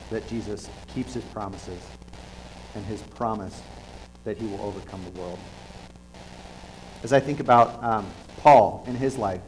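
A man preaching a conversational sermon in an earnest, halting way, often restarting his sentences. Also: fairly low pitch, noisy background.

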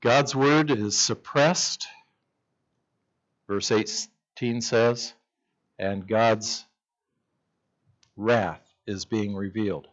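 A man's voice: fairly low pitch, lo-fi sound. A male pastor preaching a sermon, retelling scripture as a story and acting out its voices.

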